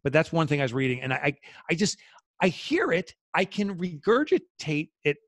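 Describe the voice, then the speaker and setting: A man hosting a casual podcast chat, animated and jokey, acting out quoted voices as he talks. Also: a little high, normal speed, dry recording, studio quality. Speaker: podcast host.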